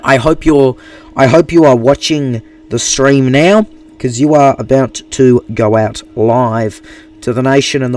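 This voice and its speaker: A man's voice: medium pitch, recorded from a distance. An Australian man hosting a live streamed news broadcast, talking off the cuff with many fillers and restarts. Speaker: news anchor and producer.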